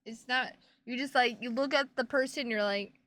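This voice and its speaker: A woman's voice: a little high, moderate pace, fairly bright tone. A woman streaming and chatting casually with her viewers, playful and teasing, with plenty of swearing.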